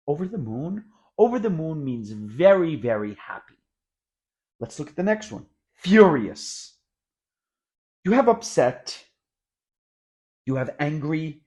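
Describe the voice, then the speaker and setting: A man teaching English expressions, explaining each word in an energetic classroom manner and acting out the example sentences. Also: fairly high pitch. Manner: animated, acts out example sentences.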